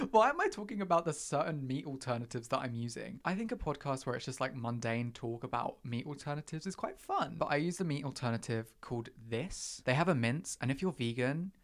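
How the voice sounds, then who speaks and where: A young man talks through a casual podcast chat at a mid pitch. He is chatty and self-mocking, and his voice often springs up high in pitch before it settles back down. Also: fairly bright tone. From England. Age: young adult. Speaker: podcast host.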